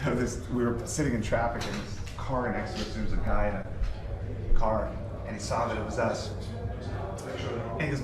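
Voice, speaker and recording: A man's voice: mid-range voice, moderate pace, pauses often, crowd noise. A middle-aged man, a rock musician, telling funny stories in a casual interview, mimicking the voices of people he quotes. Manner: animated storyteller, mimics voices in quotes, laughs often. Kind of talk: casual anecdotal chat.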